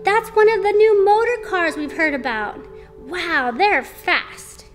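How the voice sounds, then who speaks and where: A woman's voice: very high voice, takes it slowly, faint music behind, voice pushed up, exaggerated voice. A woman reading aloud, voicing an eager, curious young farm girl in a storybook. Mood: excited. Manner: eager, excited.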